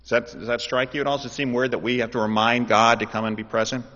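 A man preaching a sermon, shifting between explaining and loud, impassioned pleas. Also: mid-range voice, level tone, fast talker. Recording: dull audio in a reverberant hall.

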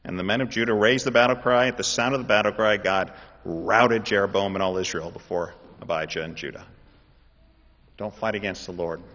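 A man preaching a sermon, shifting between explaining and loud, impassioned pleas. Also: on the low side, a little fast. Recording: dull audio in a reverberant hall.

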